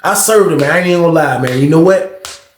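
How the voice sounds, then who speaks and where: A man's voice: a little high, fast talker, a little hiss or hum. Slangy man telling a story, echoey room. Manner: slangy, rambling, addresses listeners directly. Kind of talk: casual storytelling.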